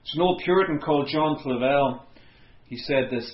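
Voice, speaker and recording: A man's voice: mid-range voice, lively intonation, moderate pace, roomy sound, dull audio. A man preaching an expository sermon, conversational with wry asides.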